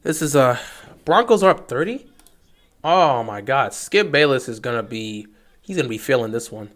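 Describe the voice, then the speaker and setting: A man giving excitable fan play-by-play commentary on a livestream, talking straight to his team. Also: medium pitch, normal speed.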